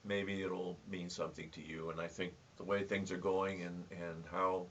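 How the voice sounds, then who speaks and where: A man's voice: sits low, little pitch movement, normal speed, fairly bright tone, slight background noise. A folksy man talks casually, joking dryly and stumbling over his words as he goes. He sounds a little far from the mic. The recording is dull and lo-fi. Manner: folksy, dry joking, tells jokes with stammered restarts. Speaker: host. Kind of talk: casual home video monologue.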